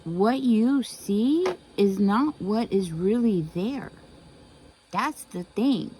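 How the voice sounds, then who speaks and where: A woman delivers a tarot reading in a mellow, warm voice. She talks emphatically, repeats phrases and keeps asking rhetorical questions. Faint crickets chirp in the background. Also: medium pitch, lively intonation, drawn-out words, slight background noise, poor audio. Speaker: tarot reader.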